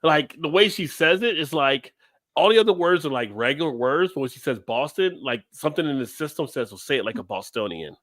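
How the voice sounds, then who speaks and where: A man's voice: a little high, brisk. A man co-hosting a casual chat show, joking around and laughing often. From Baltimore area. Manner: laughs often, jokey and animated. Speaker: co-host.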